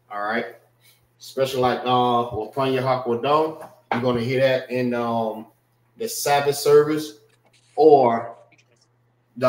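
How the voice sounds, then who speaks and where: A man teaches an informal class at an unhurried pace. His voice sits at an ordinary pitch, and he keeps checking in with his students. The sound is roomy and echoey. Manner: slow, explanatory, repeats "all right" and checks on students. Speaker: class instructor.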